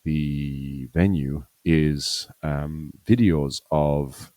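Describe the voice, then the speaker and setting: With an extremely low, darkish voice and a steady tone, a man draws out his words as he co-hosts a podcast. It's a casual chat, and he rambles with lots of fillers and restarts. There's no echo on the recording.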